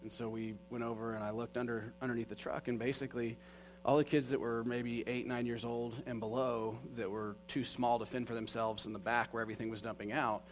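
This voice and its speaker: A man's voice: mid-range voice, flat delivery, a little fast, rough recording. A man telling a personal story in an earnest, conversational way, with many fillers. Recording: faint mains hum.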